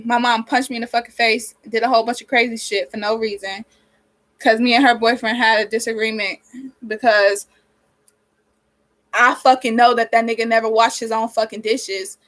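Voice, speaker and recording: Young woman, 19, slightly high voice, blunt and sweary, rambling vlog chat with a sniffly nose. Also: fairly bright tone, rough recording. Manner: frank and rambling, heavy swearing, venting. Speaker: vlogger. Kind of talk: casual chat while doing her hair. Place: small cold bedroom with a space heater running.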